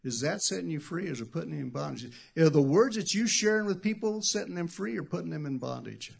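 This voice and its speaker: A middle-aged man preaching a sermon as pastor, talking conversationally and jumping between quiet asides and loud shouted bursts. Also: fairly high pitch, lively intonation, quick pace, creaky, breathy edge.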